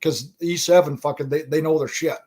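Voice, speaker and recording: A man's voice: on the high side, steady tone, brisk, darkish tone. A man in his forties hosting a casual chat, emphatic and profane, often addressing the audience directly. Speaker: host.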